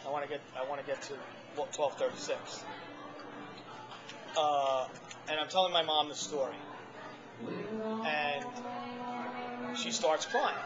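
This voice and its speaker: A man casually telling a long personal story to a small group in a restaurant, animated and restarting often. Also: on the high side, measured pace, pauses often, background noise. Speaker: former ambulance responder telling his story. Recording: dull lo-fi audio with loud music behind. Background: restaurant music.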